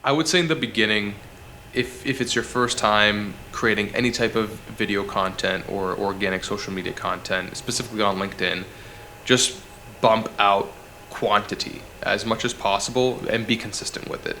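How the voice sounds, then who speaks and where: A man's voice: lowish voice, steady tone, normal speed, sharp tone, a little hiss or hum. A man, a guest on an interview over a video call, giving direct and casual advice. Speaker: guest, content strategist.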